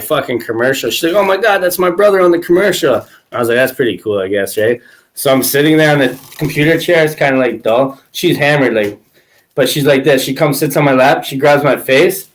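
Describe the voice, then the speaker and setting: A man's voice: mid-range voice, fairly bright tone. Crude laughing podcast host guy. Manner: crude storytelling, laughs often. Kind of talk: casual podcast chat.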